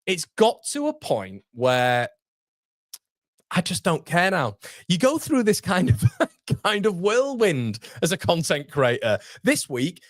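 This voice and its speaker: A man's voice: high voice, huge pitch swings, slow, dry recording, studio quality. A young man hosting a live football fan stream, chatting casually and reading viewer comments aloud. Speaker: fan channel host. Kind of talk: live football watchalong chat.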